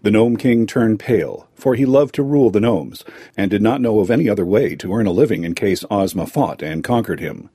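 Husky male storyteller, lively and dark. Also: fairly low pitch, fairly quick, dry recording, studio quality. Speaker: narrator. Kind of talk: scripted narration of a fairy tale.

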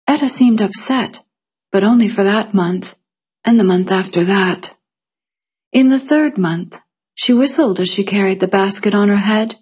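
A woman with a husky, slightly rough voice reads a first-person fantasy story aloud. Her delivery is calm and measured, in the manner of scripted fiction narration. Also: mid-range voice.

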